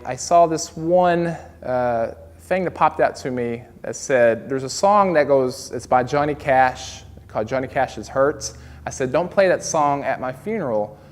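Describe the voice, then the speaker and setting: A man's voice: mid-range voice, big-room sound. A man doing stand-up comedy, telling stories in a loose, rambling way full of fillers and asides.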